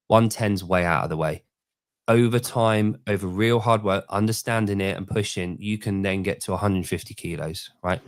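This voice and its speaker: Animated British man in his forties. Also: deep voice, no echo, clean studio sound. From Britain. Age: 40s. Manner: animated storyteller, mimics people in quoted voices. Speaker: podcast host. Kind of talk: casual chat.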